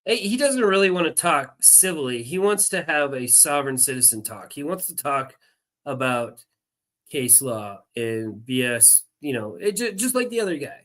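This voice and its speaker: A man's voice: medium pitch, lively intonation, normal speed, fairly bright tone. A man hosting a live stream, giving opinionated, mocking reaction commentary on a clip. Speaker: stream host.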